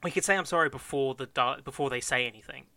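Male podcast co-host, bright and forceful tone, loose joking delivery. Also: medium pitch, quick pace, no room sound. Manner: loose and joking, many fillers. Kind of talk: casual chat, brainstorming a story.

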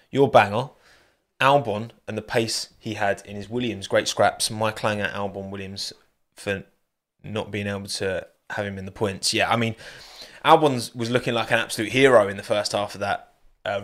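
A man's voice: on the low side, a bit bright. A man hosting a solo post-race podcast, chatting and joking casually. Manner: chatty, jokey, thanks listeners by name. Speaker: podcast host.

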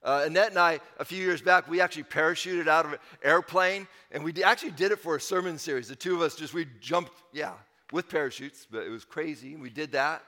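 A male pastor preaching a sermon in a big hall whose sound rings on after every phrase. His voice is bright and sits a little high for a man. He drives his points home by repeating them. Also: quick pace, hardly any pauses. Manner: emphatic, repeats key phrases.

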